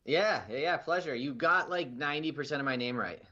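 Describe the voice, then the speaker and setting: Easygoing guest, bright muffled audio. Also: male voice, fairly high pitch, brisk. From United States. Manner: easygoing, joking. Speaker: interview guest. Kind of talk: casual interview chat.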